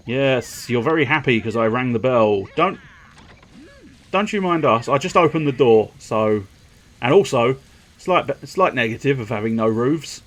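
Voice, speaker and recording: A man's voice: medium pitch, lively intonation, measured pace, soft background music. Jokey man streaming. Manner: crude, jokey, laughs a lot. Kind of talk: casual gaming commentary.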